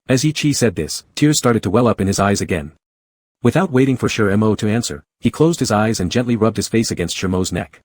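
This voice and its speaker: A man narrating a romance comic story in a steady, even reading. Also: on the low side, fairly quick, no echo.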